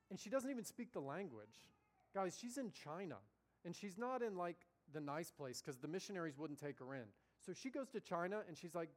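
This preacher tells his sermon as a loose, conversational story, his voice sitting somewhat high. He keeps slipping into the quoted voices of the people he's describing.

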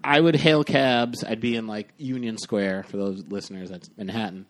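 A man's voice: fairly low pitch, steady tone, normal speed. A man hosting a podcast, telling a long story in casual chat, rambling with lots of fillers and swearing. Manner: rambling, profane, full of fillers; acts out quoted lines in other voices. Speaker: podcast host.

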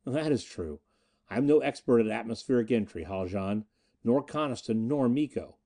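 A male narrator plays a nervous male pilot in a spoken space adventure, anxious and questioning. His voice runs dark and mellow, with a pitch that lifts on his worried questions. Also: expressive, normal speed.

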